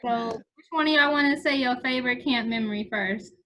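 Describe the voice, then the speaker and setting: A young woman hosting a casual podcast chat in a brisk, teasing way. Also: on the high side, noisy background. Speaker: podcast host.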